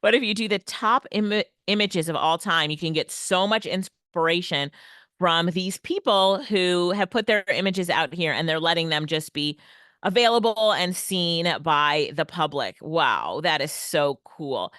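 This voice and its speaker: A woman's voice: fairly low pitch, measured pace, a bit bright, no room sound, studio quality. A woman presenting an online workshop on everyday AI tools, upbeat and laughing often. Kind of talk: online tech lesson. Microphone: headset or desk mic, video call.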